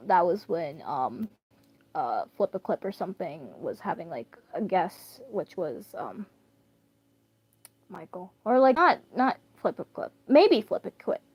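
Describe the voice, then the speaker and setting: A woman's voice: fairly low pitch, big pitch swings, a little slow, breathy edge. A young woman chatting casually and rambling while reading a story aloud on stream. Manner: rambling, self-deprecating, bursts of laughter.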